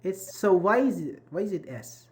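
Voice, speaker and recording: A man's voice: high voice, sing-song, normal speed, darkish tone. A man teaching a live online English grammar class over a video call, encouraging his students and repeating and rephrasing each point.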